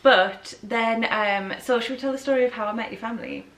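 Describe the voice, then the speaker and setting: A Geordie woman in her thirties, co-hosting a casual chat and telling an animated story with a lot of swearing. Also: a little high, a little fast. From North East England. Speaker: co-host. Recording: echoey room.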